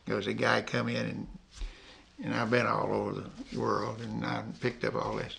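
A man's voice: fairly low pitch, level tone, normal speed, vocal fry, fairly bright tone. An older man with a north Georgia Southern accent tells rambling, folksy stories in an oral history interview. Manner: rambling, folksy, laughs at his own stories.

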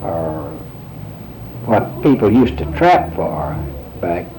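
A man, answering interview questions in a slow, plainspoken and thoughtful way. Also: deep voice, very animated, dark tone, a little hiss or hum, rough recording.

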